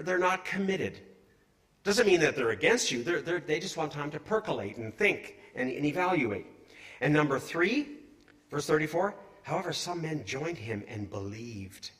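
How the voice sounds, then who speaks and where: A middle-aged man delivers a sermon in a lively, conversational way. His voice sits a little high and jumps between loud bursts and quiet asides. He keeps asking his listeners questions as he goes. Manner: animated, conversational, asks the congregation questions. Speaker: preacher.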